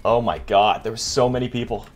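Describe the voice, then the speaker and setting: A man's voice: mid-range voice, brisk, slight background noise. A young man giving gameplay commentary, exasperated and ranting, swearing often. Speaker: gaming streamer.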